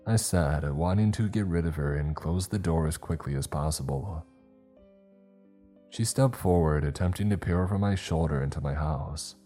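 A man reading a first-person horror story in a measured, low-key way. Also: dark tone, soft background music.

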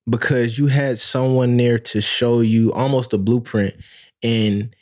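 A man's voice: medium pitch, steady tone, a little slow, a little mellow. A man interviewing in a casual podcast chat, encouraging and affirming, asking leading questions.

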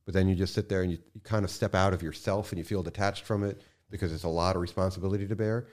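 A man speaking as a podcast guest in casual conversation, impassioned, swearing freely and swinging from quiet to loud bursts. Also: low voice, fairly even intonation, fast.

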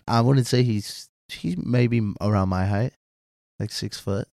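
A man in a casual group chat, talking in a relaxed, drawn-out way. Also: mid-range voice, vocal fry, dry recording, studio quality.

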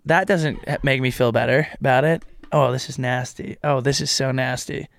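A man's voice: medium pitch, steady tone, creaky, dry recording. A young man co-hosting a podcast, chatting casually with jokes and rambling asides. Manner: joking, rambling, quick asides. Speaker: podcast co-host. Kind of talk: casual chat.

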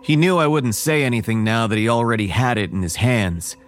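A man narrating a first-person horror story in a measured, wary tone. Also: mid-range voice, faint music behind.

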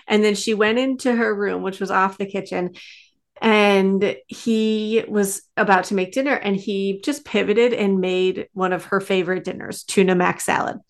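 A woman's voice: mid-range voice, steady tone, moderate pace. A woman in her thirties talking earnestly in a casual conversation, telling stories with many fillers. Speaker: parenting guest.

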